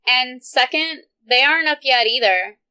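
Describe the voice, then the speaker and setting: A teasing, knowing storybook mother speaks in a high, bright and smooth voice, as a woman reading aloud puts her on. She sounds amused and caring toward her grown son. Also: expressive, measured pace, no echo, full character voice.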